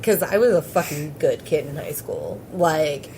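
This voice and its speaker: Young woman on a podcast, slow lazy drawl, giggly and sweary, faint hiss behind. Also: deep voice. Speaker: podcast host. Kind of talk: casual storytelling chat.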